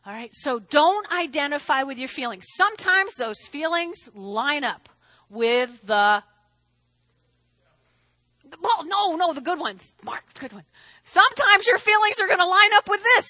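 Woman pastor, high bright voice, emphatic sermon delivery with quiet asides and shouted peaks, dry close sound. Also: lively intonation, a little slow, no echo, poor audio. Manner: emphatic, swings between hushed asides and shouted declarations. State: hot and sweating.

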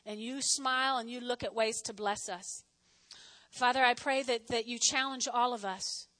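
A woman pastor preaching a sermon and offering appeal, talking fast in a chatty, self-mocking, animated way. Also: a little high.

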